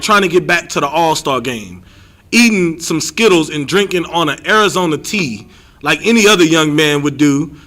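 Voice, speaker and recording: High bright-voiced young male street preacher, animated, rambling livestream teaching. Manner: animated, rambling, repeats himself.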